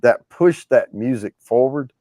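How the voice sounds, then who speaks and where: A man's voice: mid-range voice, animated, unhurried, mellow, no room sound, clean studio sound. Rambling man hosting a giveaway show. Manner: rambling, restarts often, storytelling. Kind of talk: casual chat about classic rock.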